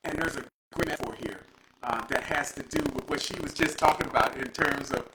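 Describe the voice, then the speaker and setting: Hosting a lively live show, a man from Texas tells stories in a playful, preachy manner. His pitch is fairly high and his speed normal, and the room is echoey with loud noise.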